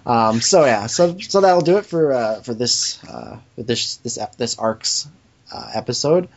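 A man's voice: mid-range voice, measured pace, gravelly. A man hosting a podcast in casual chat, hesitant, with restarts and laughs. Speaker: podcast host. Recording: dull lo-fi sound.

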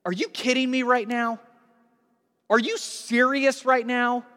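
A man's voice: sits high, sing-song, normal speed, fairly bright tone, exaggerated voice. A man preaching in a reverberant hall puts on a shocked, indignant male disciple's exasperated outbursts. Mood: incredulous.

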